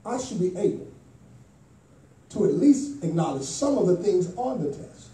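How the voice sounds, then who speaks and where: Male preacher, very high voice, dark mellow tone, impassioned sermon, echoey church hall, distant mic. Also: very animated, moderate pace. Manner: impassioned, rising to shouts, call and response. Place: church sanctuary.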